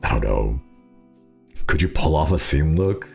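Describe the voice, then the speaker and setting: A young man with an extremely low voice chats casually with his stream audience. He rambles, restarts sentences and laughs often. Faint music plays in the background. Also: big pitch swings, measured pace, gravelly. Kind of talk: casual chat reading viewer comments.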